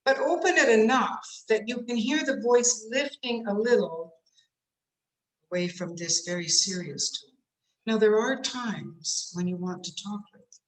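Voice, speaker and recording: A woman's voice: a little high, unhurried. A woman coaching speakers in an online workshop, talking in a demonstrative way and shifting her tone to show examples. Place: home room on a video call. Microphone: computer mic on a video call. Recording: roomy echo.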